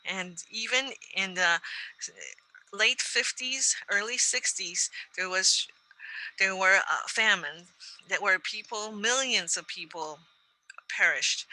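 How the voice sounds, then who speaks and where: Over a video call, a woman gives an educational online lecture with Q&A, explaining patiently and repeating phrases slowly for learners. Her mid-range voice is pushed and bright, and the audio quality is poor.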